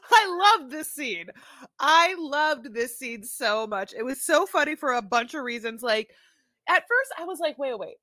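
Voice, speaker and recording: Bright-voiced chatty woman podcaster. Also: high-pitched, lively intonation, a little slow, dry recording. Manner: rambling, many filler "like"s, acts out quotes. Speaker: podcast co-host. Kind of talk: casual podcast chat.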